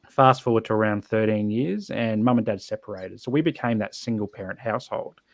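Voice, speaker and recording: A man's voice: mid-range voice, no echo. A man telling his personal story as a podcast guest, earnest and reflective, often restarting his sentences.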